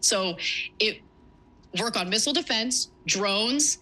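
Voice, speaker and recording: A woman's voice: a little high, expressive, slow pace, sharp tone, poor audio. A woman hosting a news commentary, reading report excerpts aloud with emphatic, sarcastic asides. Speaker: political commentator.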